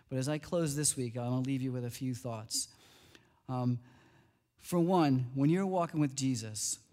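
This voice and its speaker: A middle-aged man preaching a sermon as pastor, speaking casually and animatedly, his voice climbing high when he marvels. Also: dark tone.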